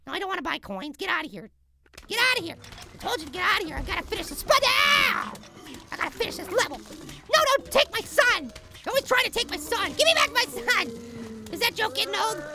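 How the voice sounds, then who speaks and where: A man voicing a tiny, excitable cartoon apple boy in frantic let's play commentary, yelling at the game. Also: a little fast, vocal fry, a little hiss or hum, full character voice. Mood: frantic excited. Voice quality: squeaky, sped-up high voice. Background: game music.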